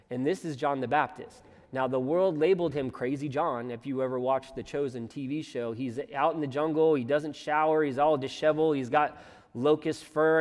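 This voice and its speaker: A pastor delivering a conversational sermon from the pulpit, reading scripture and adding joking asides. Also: male voice, on the high side. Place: church sanctuary. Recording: long reverb of a church hall.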